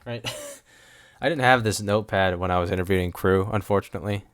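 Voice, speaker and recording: A man's voice: lowish voice, fairly quick, smooth, dry recording, studio quality. A young man hosting a solo podcast, rambling and sarcastic, often cutting himself off mid-thought. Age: young adult. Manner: rambling, sarcastic, self-interrupting. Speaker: podcast host. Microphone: studio mic with windscreen.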